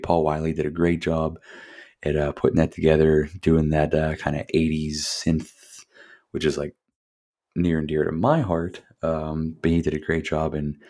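A man's voice: extremely low pitch, a little mellow. A man hosting a casual solo podcast, rambling with profane, chuckling asides. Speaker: podcast host.

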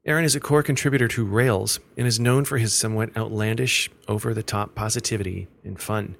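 A man hosting a podcast, reading scripted narration in a measured, reflective way. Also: fairly low pitch, steady tone, gravelly, a bit bright. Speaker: podcast host.

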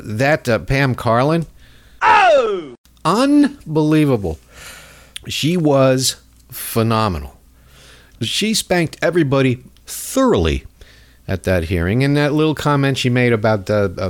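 A man's voice: medium pitch, big pitch swings, a little slow. A man hosting a comedic political rant in a mocking, rambling way. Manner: mocking, rambling, jumps into voices. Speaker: host.

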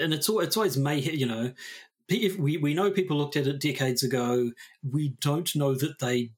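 A man's voice: on the high side, moderate pace, husky. A man co-hosting a podcast in casual chat, rambling and correcting himself as he reads a statement aloud. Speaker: podcast co-host.

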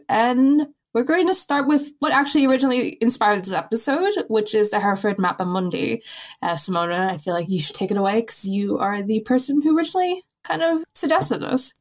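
A woman hosting a casual podcast conversation, chatty and quick to laugh. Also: on the high side. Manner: chatty, laughs often, friendly. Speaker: podcast host.

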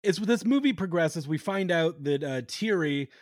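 A man with a slightly high, very lively voice, talking over a movie with a friend. He jokes, swears and riffs loosely. The sound is close and dry. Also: normal speed, no echo. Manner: animated, profane, joking. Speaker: podcast co-host. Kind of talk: casual chat.

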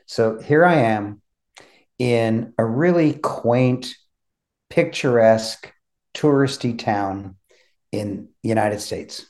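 A man hosting a podcast, telling a story in a measured, descriptive way. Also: medium pitch, a little mellow. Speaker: podcast host. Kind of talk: conversational storytelling.

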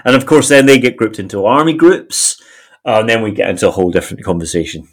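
Low-voiced joking man podcast co-host. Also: lively intonation, fast. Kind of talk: conversational history podcast, reading archive articles aloud.

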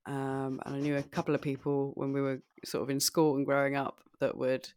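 A woman's voice: rumbling low, monotone, a little fast, darkish tone, clear, resonant tone, dry recording, clean studio sound. A young woman from southeast England with a southern English accent, co-hosting a casual podcast chat, laughing often and hedging with fillers. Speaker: podcast co-host.

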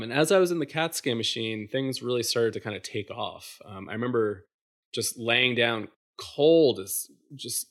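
Gravelly man telling a story, halting. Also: fairly low pitch, a bit bright. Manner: halting, many fillers and restarts. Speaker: podcast guest. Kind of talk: casual storytelling.

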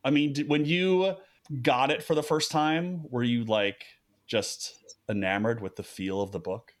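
A man hosting a podcast, talking in a casual, upbeat way with quick asides and restarts. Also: medium pitch, fairly even intonation. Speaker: podcast host.

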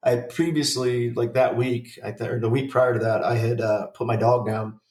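A man's voice: mid-range voice, steady tone, moderate pace, a little mellow, reverberant, recorded from a distance. A man in his forties, a podcast co-host, chatting casually in a rambling, profane way with lots of fillers and restarts. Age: 40s. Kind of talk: casual chat.

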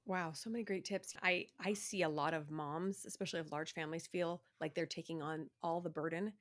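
A woman's voice: low-pitched, fairly even intonation, fairly quick. A woman hosting a podcast interview, affirming her guests and chatting in an encouraging way. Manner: affirming and encouraging, asks with "right?". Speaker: podcast host. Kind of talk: casual interview chat.

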